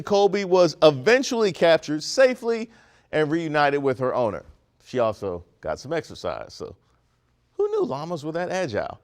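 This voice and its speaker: A man from Maryland hosting a comedic news segment, delivering wry, sarcastic commentary. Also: a little high. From Prince George's County, Maryland, US.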